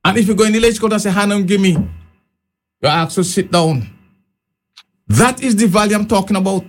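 Insistent high-voiced man. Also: animated, brisk. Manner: insistent, argumentative. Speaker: panel guest. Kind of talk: panel discussion.

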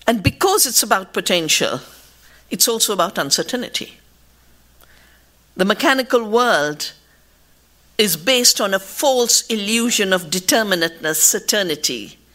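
A woman speaking in a measured, deliberate, emphatic way, giving a reflective talk about her scientific views. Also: mid-range voice, expressive, pushed and bright.

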